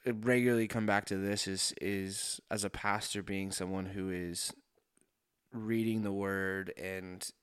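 A man's voice: sits low, fairly even intonation, unhurried, a bit bright, clean tone, no echo, studio quality. A man who is a pastor, talking about his faith in an earnest, reflective, casual way. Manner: reflective, earnest, thinking aloud.

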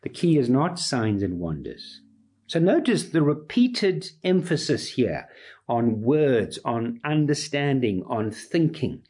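A man's voice: medium pitch, sing-song, takes it slowly, a little mellow, slightly rough. A man preaching a sermon, emphatic, building his points through repeated lists.

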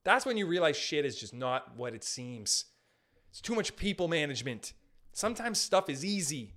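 A man's voice: on the high side, normal speed. A man in his late twenties hosting a solo podcast, ranting comically with jokes and laughing at himself. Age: late 20s. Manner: animated, jokey, laughs at own jokes. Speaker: podcast host. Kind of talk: comedic solo podcast rant.

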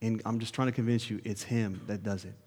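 A man preaching a sermon to his congregation, earnest, building to urgent questions and dropping soft for prayer. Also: lowish voice, steady tone, brisk, slightly rough. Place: church sanctuary. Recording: long reverb of a hall.

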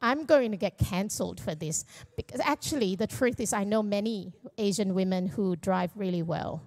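A woman's voice: mid-range voice, moderate pace, darkish tone. A middle-aged woman pastor giving a candid, self-deprecating personal testimony at church, with jokes mixed in. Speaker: young adults pastor.

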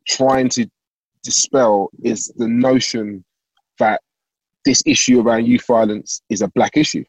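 Host, middle-aged man, measured delivery, husky voice. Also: mid-range voice, steady tone, a little mellow, no echo, muffled recording. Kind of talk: interview conversation.

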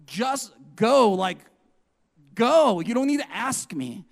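A man's voice: very high-pitched, big pitch swings, takes it slowly, gravelly, long reverb tail, exaggerated voice. A man voicing an easygoing male store manager who talks in a casual, dismissive way.

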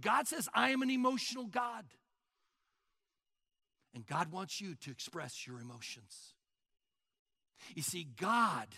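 Older male pastor, energetic sermon delivery, bright tone, dry close recording. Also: high voice, gravelly, breathy edge, dry recording. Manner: animated preaching, acts out mock prayers.

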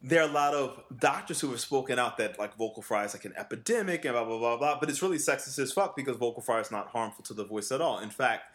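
Animated, laughing man in casual chat. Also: medium pitch, fast talker, hardly any pauses. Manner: animated, mimics voices often, laughs a lot. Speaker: podcast co-host and vocal coach.

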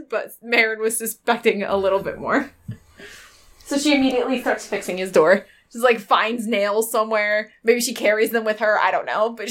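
A woman's voice: on the high side, a bit bright. A woman playing a tabletop game, talking in a chatty, rambling way with many fillers. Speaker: player.

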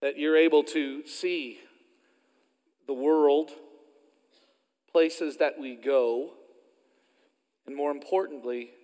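A man's voice: a little high, fairly even intonation, slow pace, pauses often, a little mellow, long reverb tail. A man from Oklahoma with an Oklahoma accent, preaching a sermon as a pastor and telling stories in a folksy, self-deprecating way.

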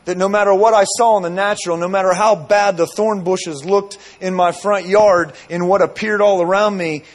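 High-voiced man preaching a sermon. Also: steady tone, moderate pace. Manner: storytelling with many asides and repeated phrases.

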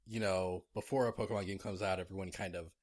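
A man's voice: sits low, steady tone, fast, darkish tone. Rambling man on a casual podcast. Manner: rambling, full of filler words and restarts. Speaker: podcast co-host.

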